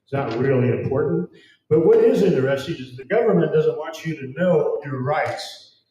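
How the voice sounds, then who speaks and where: A man addresses an event hall in an expressive, dark-toned voice on the high side, keeping a moderate pace through a fervent, emphatic, preachy lecture. The lo-fi recording comes from a distant mic in a very echoey space.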